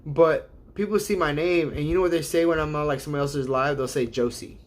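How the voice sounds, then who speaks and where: A man's voice: a little high, fairly even intonation, fast. A man hosting a casual livestream, rambling and hesitant, laughing often as he sounds out viewers' names. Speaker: livestream host.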